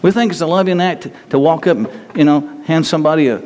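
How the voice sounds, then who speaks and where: A man preaching a sermon in a conversational, halting way, often restarting his sentences. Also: a little high, darkish tone, in a large hall.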